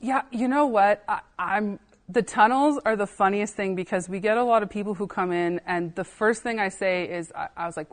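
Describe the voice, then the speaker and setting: A woman archivist tells anecdotes in a relaxed podcast chat. She animatedly acts out the callers and visitors she is quoting and slips in an occasional laugh. Her tone stays casual and conversational throughout. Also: mid-range voice, moderate pace. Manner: animated anecdotes, acting out quoted dialogue, laughing. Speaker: assistant archivist, podcast guest. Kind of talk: casual storytelling interview.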